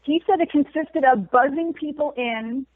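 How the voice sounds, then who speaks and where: A woman, a guest in a casual interview, speaking softly and thoughtfully and laughing along with the stories. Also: high voice, normal speed, no room sound. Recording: dry, tinny phone line.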